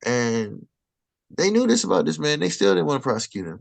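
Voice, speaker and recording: A man's voice: fairly high pitch, sing-song, fairly quick, gravelly, no room sound. A man, a stand-up comedian guest, telling a long story in casual conversation in an indignant, rambling way. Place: Los Angeles.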